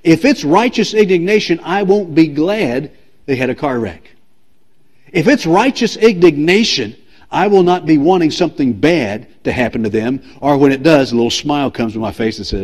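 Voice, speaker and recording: A man's voice: on the high side, lively intonation, normal speed, a little mellow. A man preaching a sermon as pastor, emphatic and repetitive, asking the congregation direct questions. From United States.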